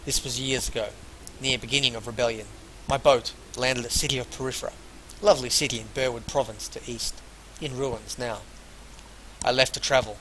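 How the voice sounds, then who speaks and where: A man's voice: mid-range voice, steady tone, a little fast, a bit bright, a little hiss or hum, poor audio. A man playing a role-playing game, reading the on-screen text aloud and adding casual offhand remarks. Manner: reads game text in full, then drops casual offhand asides. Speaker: let's player.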